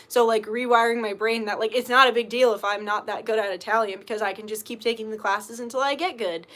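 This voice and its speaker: Bright chatty woman doing a tarot livestream, rambles a lot, says like constantly. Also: on the high side, fairly even intonation, fast talker. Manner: chatty, lots of filler words and swearing. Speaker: tarot reader. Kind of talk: casual livestream chat.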